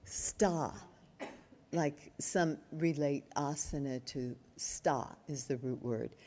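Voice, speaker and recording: An older woman teaching a yoga workshop in a calm, explanatory way, often asking her listeners questions. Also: deep voice, takes it slowly, a little hiss or hum. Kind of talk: workshop lecture. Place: retreat workshop room.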